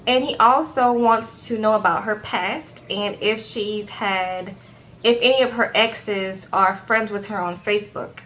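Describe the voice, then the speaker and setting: A woman's voice: medium pitch, measured pace, slight background noise. A woman giving a casual reality TV recap in a chatty, sassy way, often tagging her lines with "okay?". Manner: acts out quotes in lively voices.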